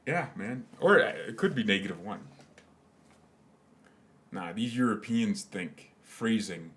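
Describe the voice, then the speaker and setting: A man's voice: on the low side, animated, a little slow, a bit bright. A man hosting a live fan watchalong, mixing match commentary with joking, rambling banter. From United States. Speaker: fan channel host.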